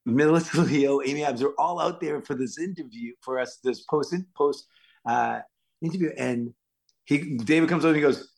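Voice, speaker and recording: A man's voice: on the high side, normal speed, creaky. A man from Worcester, Massachusetts, a guest actor rambling casually through anecdotes and acting out the quotes. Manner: animated, rambling, acts out quotes loudly.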